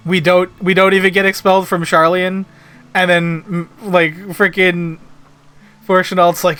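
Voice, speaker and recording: A man's voice: sits high, flat delivery, unhurried, pushed and bright, clean tone. A man streaming a video game, riffing in a joking, rambling way full of slang and fillers. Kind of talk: casual gaming stream commentary.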